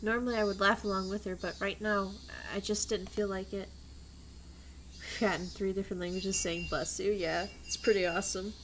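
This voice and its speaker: A woman streamer reads a visual novel aloud at a middle pitch and chats between passages. She swears freely and gets loud and animated when she rants. A faint hiss sits under the recording. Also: normal speed. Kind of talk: casual streamed read-aloud with chat.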